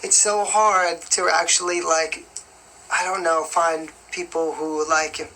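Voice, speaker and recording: A woman's voice: on the low side, fairly even intonation, slow, sharp tone, a little hiss or hum, low-quality recording. A young woman singer answering fan questions in a casual live-stream chat, rambling along with lots of "like" and "you know".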